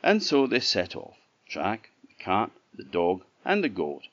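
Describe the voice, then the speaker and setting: Deep, unhurried Orcadian storyteller. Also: male voice, huge pitch swings, fairly bright tone. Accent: Orcadian Scottish. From Orkney Islands, Scotland. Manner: unhurried, sing-song with repeated refrains. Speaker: traditional storyteller. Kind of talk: oral folk-tale storytelling. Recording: dull lo-fi recording.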